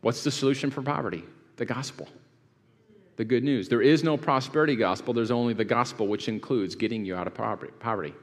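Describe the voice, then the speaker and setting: Pastor preaching in a reverberant hall. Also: male voice, medium pitch, fast talker. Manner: reads scripture and quizzes the audience. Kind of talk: sermon to a live congregation.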